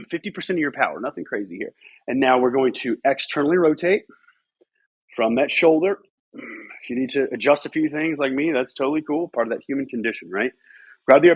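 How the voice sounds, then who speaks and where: A man coaching a guided mobility routine, calling out repetitive energetic cues. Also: on the high side, breathy edge. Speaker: fitness coach. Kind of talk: guided exercise instruction.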